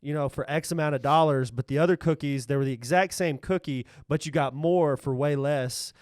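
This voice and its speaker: A man's voice: on the high side, a little fast, darkish tone, dry recording, clean studio sound. A man co-hosting a podcast in laid-back casual chat, rambling along with plenty of "like" and "uh". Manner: laid-back, rambling with lots of 'like' and 'uh'. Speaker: podcast co-host.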